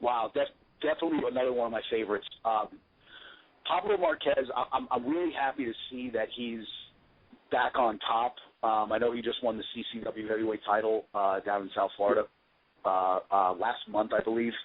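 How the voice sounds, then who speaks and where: A man's voice: fairly low pitch, brisk. A man, a pro wrestler guest, telling casual stories in a rambling, profane, jokey way. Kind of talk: casual storytelling. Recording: tinny phone line.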